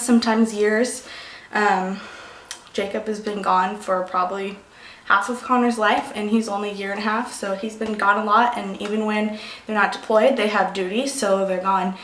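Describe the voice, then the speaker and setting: A young pregnant woman talks casually to her viewers, rambling and emotional, losing the thread of her sentences. Her voice sits at an ordinary pitch. The room is echoey, with a light hiss underneath. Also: flat delivery, normal speed, a bit bright. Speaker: beauty vlogger. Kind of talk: casual vlog chat. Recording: echoey room, faint noise.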